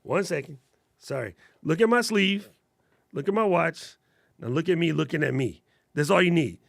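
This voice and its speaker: Slangy, gravelly man on a live stream. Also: on the high side, lively intonation, moderate pace, dry recording, clean studio sound. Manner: casual, slangy and enthusiastic, answers viewer questions. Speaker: host of a live gear stream. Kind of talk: casual live-stream gear talk.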